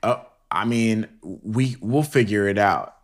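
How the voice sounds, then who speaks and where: A man's voice: on the low side, slow. A young man co-hosting a podcast, chatting in a laid-back, slangy, joking way. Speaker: podcast co-host. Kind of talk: casual chat.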